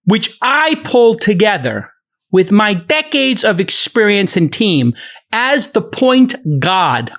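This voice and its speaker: A man's voice: sits high, a bit bright. A man moderating a podcast, delivering a heated, profane rant in a heated argument. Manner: ranting, profane, emphatic.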